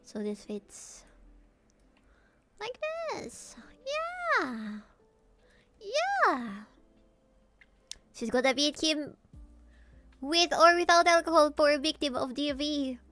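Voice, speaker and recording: A woman's voice: high voice, a little slow, a bit bright. A woman streamer chatting casually and jokily while she sketches, thinking aloud as she goes. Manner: playful, jokey, thinking aloud.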